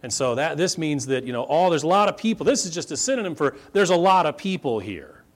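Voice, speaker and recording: A middle-aged man preaching a sermon, swinging from quiet asides to loud, emphatic points. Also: fairly high pitch, big pitch swings, fast. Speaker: pastor.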